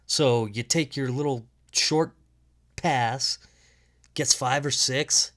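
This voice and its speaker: Speaking slowly in a mid-range, slightly bright and nasal voice, this man runs a laid-back solo sports podcast out of his home. His talk wanders, is full of profanity, and he chuckles at his own gags.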